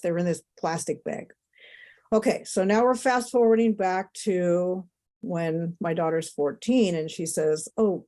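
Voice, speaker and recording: A woman's voice: fairly low pitch, dark tone. A middle-aged woman, a podcast guest, telling a personal story in an emotional, rambling way with many asides.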